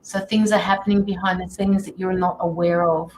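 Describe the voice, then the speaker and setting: A woman giving a live-streamed tarot reading over a video call, relaying messages with many pauses and fillers. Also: fairly low pitch, level tone, a little mellow, a little hiss or hum, rough recording. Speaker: tarot card reader.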